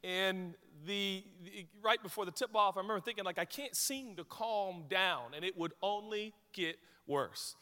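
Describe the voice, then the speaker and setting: A Washington state pastor preaches in a church sanctuary, his high voice moving at a normal speed with hardly any pauses and a long reverb tail. He tells a self-deprecating story full of jokes and lively anecdotes.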